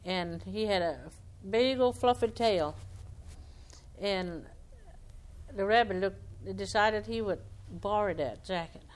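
A woman's voice: mid-range voice, takes it slowly. A woman telling animal folktales aloud in a homespun, conversational way, acting out the characters' lines. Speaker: storyteller.

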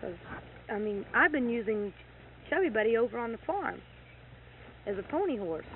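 Animated woman storyteller on tinny tape. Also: on the high side, normal speed. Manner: animated, acts out quoted dialogue, gets heated retelling anger. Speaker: horse owner telling stories. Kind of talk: casual storytelling chat. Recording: tinny lo-fi tape with faint hiss.

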